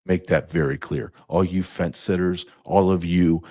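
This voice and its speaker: A middle-aged man, the host of a podcast, rants angrily and profanely in an impassioned monologue built on rhetorical questions. His voice sits low and dark, with a steady tone, a moderate pace, and few pauses.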